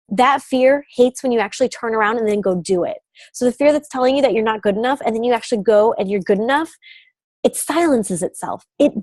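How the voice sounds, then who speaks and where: A woman's voice: a little high, darkish tone, dry recording. A young adult woman coach giving an upbeat, emphatic motivational talk. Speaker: business coach.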